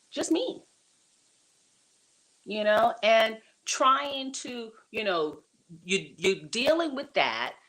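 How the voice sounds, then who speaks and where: A woman talking as a guest on a talk show, telling personal stories in an animated way, laughing often and restarting her sentences. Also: medium pitch, poor audio. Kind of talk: conversational interview storytelling.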